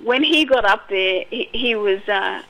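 An Australian woman with a bright, clear-edged voice, speaking as a poet guest. She reads her verse steadily, then talks in a soft, halting way full of ums and restarts. Her pitch sits at an everyday middle level. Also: expressive, rough recording. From Western Australia. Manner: soft-spoken, hesitant with many fillers when chatting. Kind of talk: poetry reading and casual interview chat.

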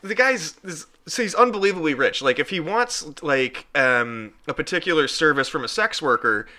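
A man's voice: on the high side, lively intonation, normal speed, bright, forceful tone. A man co-hosting a podcast in casual chat, rambling and joking, now and then slipping into goofy impressions. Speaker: podcast co-host.

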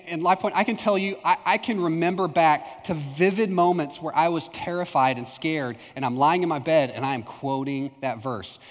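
A young adult male pastor from Texas preaching a conversational sermon, telling a personal story and acting out remembered lines. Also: a little high. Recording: long hall reverb.

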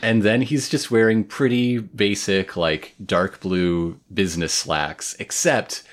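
A man's voice: lowish voice, steady tone, takes it slowly. A man co-hosting a podcast, casually recapping an anime with playful jokes. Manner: joking, playful asides. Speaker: podcast co-host.

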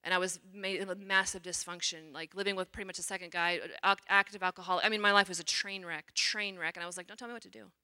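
Bright-voiced religious sister telling her story. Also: fairly low pitch, fast talker, few pauses, clean tone. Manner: animated storyteller, acts out quotes. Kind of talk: personal testimony talk.

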